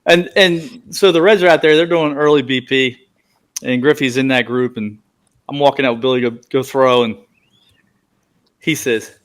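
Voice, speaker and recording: A man in his middle pitch range tells a clubhouse story among friends. He laughs often and acts out what others said. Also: moderate pace, long pauses. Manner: animated, laughing, acts out quotes. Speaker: former pitcher telling a story.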